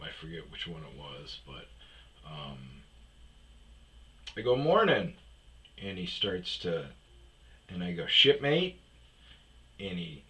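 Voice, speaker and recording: Deep-voiced rambling man vlogger. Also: sharp tone, slight background noise. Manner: rambling, profane, jokey. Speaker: vlog host. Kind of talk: casual storytelling.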